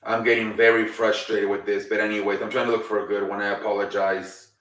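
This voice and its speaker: A low-voiced man talks off the cuff and rambles, swearing and sighing as his frustration builds. He sits back from the mic in a room with a lot of echo. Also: flat delivery, quick pace, fairly bright tone, far from the mic. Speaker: host. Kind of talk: casual improvised recap.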